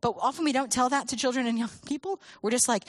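A woman speaking to a church audience about children and faith, telling stories with lively acted quotes. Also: high-pitched, fast talker, dry recording. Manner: animated storytelling with acted quotes.

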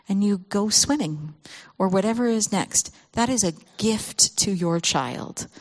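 A woman giving a storytelling talk to parents as a children's ministry speaker, acting out the voices she quotes and laughing often. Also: medium pitch.

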